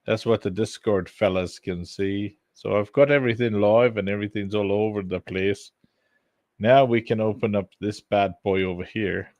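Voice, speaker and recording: A livestreamer with a lowish, steady, slightly mellow voice chats casually at normal speed, rambling and joking to himself as he clicks around and works. He chuckles often between remarks, and the recording is dry.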